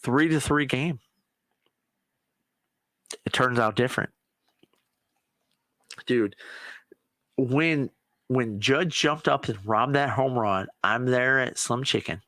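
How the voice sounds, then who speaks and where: A man hosting a podcast, chatting casually and excitably about sports and swearing now and then. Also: medium pitch, takes it slowly, long pauses, no room sound. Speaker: podcast host. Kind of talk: casual solo chat.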